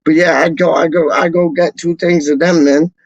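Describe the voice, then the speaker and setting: A man's voice: a little high, level tone, normal speed, no echo. A young American man chatting casually and rambling about food, slangy and laid-back, on a slightly dull lo-fi recording. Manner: slangy, laid-back, constantly says "dog". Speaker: football fan channel host.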